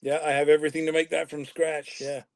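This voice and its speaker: A man from Canada chatting easily on a live stream, relaxed and often trailing off quietly. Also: on the high side, fast, vocal fry, rough recording. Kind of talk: casual live-stream chat. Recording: dry close sound.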